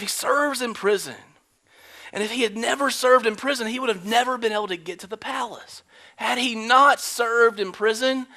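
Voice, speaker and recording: A male pastor with a high, bright, ringing voice delivers a sermon in church. He swings from forceful emphasis down to hushed whispers and slips into quick character voices for the people in his story. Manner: acts out quoted lines in character voices. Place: church sanctuary.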